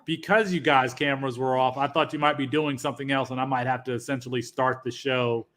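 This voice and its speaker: A man co-hosting a podcast over a video call, talking haltingly and repeating his words. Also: medium pitch, fairly even intonation, a bit bright. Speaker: podcast co-host. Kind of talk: casual chat.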